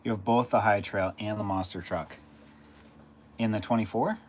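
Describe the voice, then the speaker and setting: A man's voice: on the low side, fairly even intonation, moderate pace, a little mellow, slight background noise. A man casually chatting on a live stream. He rambles along and answers viewers' chat messages as they come in.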